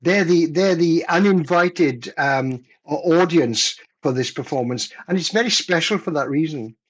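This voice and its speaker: A man in his seventies, a poet guest in an interview, talking in a measured, reflective way and reading his poems deliberately. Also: on the high side, husky. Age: 70s. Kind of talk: conversational interview and poetry reading.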